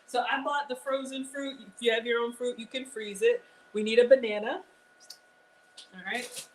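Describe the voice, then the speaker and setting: A woman's voice: fairly high pitch, fairly even intonation, moderate pace. Woman host, chatty live-stream cooking demo, slight background noise. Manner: chatty, talks straight to viewers.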